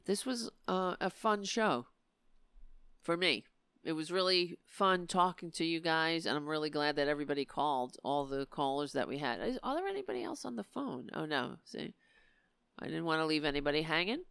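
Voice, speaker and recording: A woman hosting a live political talk stream, speaking in impassioned, emphatic bursts and sounding a little hoarse. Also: low voice, expressive, normal speed, fairly bright tone, dry recording. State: losing her voice. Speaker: political talk show host.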